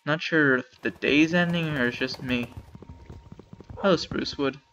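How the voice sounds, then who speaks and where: A man's voice: on the high side, measured pace, a bit bright, muffled recording, a little hiss or hum. A man casually commenting while playing a video game, chatting wryly and talking to the animals on screen. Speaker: let's play gamer.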